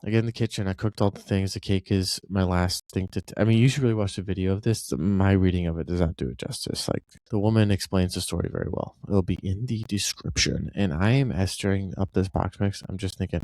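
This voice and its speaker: A man with a deep, darkish voice reads a short story aloud, talking fast with hardly any pauses. Like a teacher guiding a class through a text, he breaks off for loose, conversational asides between passages. The recording has no room sound.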